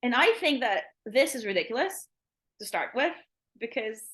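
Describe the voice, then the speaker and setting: Bright, chatty woman full of "like". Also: fairly high pitch, animated, normal speed. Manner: rambling, frequent "like", laughs often. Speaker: language teacher, podcast guest. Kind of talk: casual interview chat.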